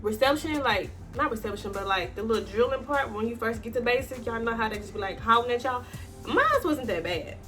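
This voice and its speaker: A woman's voice: on the high side, fairly quick, soft background music. A young adult woman speaking African American Vernacular English tells a casual, swear-heavy story to her viewers, calling them y'all. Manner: animated, slangy, swearing, addresses viewers as y'all. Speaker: vlogger.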